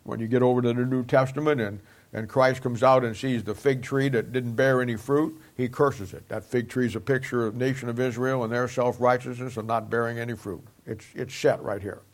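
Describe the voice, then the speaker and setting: A man's voice: mid-range voice, steady tone, fairly quick. A man teaching a Bible lesson in a folksy, conversational preaching style, asking his listeners rhetorical questions.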